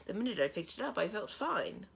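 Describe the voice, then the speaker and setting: Mild, assured female dragon king played by a woman reader, husky storybook voice. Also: medium pitch, huge pitch swings, brisk, full character voice. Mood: calm assured.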